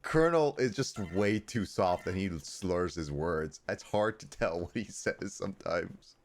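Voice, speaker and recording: A man's voice: low voice, animated, measured pace, slight background noise. A man streaming a video game, chatting casually, laughing often and restarting his sentences. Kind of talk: casual gameplay chat.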